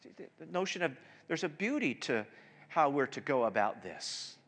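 A male pastor preaching a sermon, animated and emphatic, with frequent restarts and swings between loud and soft. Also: fairly high pitch, moderate pace. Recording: long hall reverb.

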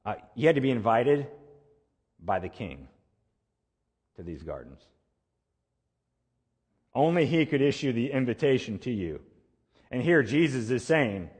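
A man preaching a sermon as a pastor, building to emphatic peaks and then dropping to quiet, slow phrase endings. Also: mid-range voice, lively intonation. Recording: long reverb of a large hall.

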